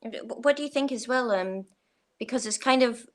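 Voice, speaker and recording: A woman in her thirties from Romania with a Scottish accent, a chatty, animated guest in a casual interview. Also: a little high, moderate pace. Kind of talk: casual chat.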